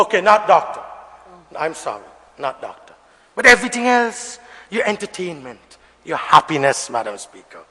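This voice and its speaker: A man giving an emphatic, repetitive budget debate speech in parliament, often rising to shouts. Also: extremely high pitch. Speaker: member of parliament. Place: parliament chamber. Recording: long reverb of a debating chamber.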